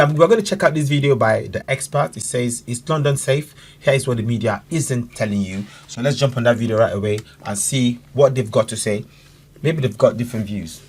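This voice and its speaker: A man's voice: mid-range voice, a little hiss or hum. A young man from Nigeria, giving casual, opinionated commentary to his viewers as a reaction vlogger. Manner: animated, direct, addresses viewers as guys.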